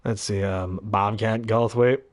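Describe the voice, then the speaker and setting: A man's voice: on the low side, fairly even intonation, a little slow, no room sound, studio quality. A man talking casually about his favorite voices, rambling and chatty between impressions. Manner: chatty, rambling, full of ums and throat-clearing. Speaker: hobby voice actor.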